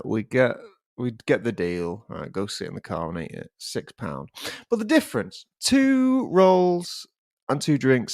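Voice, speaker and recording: A man's voice: mid-range voice, a little mellow, dry recording, clean studio sound. A young man, co-hosting a podcast and telling a story animatedly, swearing casually and acting out other people's voices. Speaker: podcast co-host.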